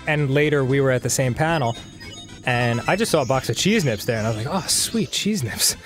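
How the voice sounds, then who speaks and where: A man's voice: medium pitch, quick pace, music in the background. A man co-hosting a gaming show in casual chat, telling stories animatedly, laughing often and swearing freely.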